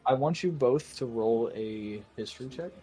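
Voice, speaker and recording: A young man narrating as game master in a casual tabletop game, with frequent fillers and pauses. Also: medium pitch, warm tone, soft background music.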